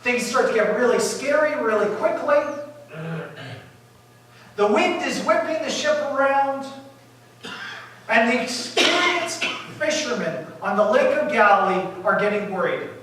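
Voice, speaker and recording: A male pastor telling a story in a sermon, lively and animated, acting out the disciples' panic and dropping to quiet asides. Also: very high voice, unhurried, long pauses. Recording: echoey room from far off.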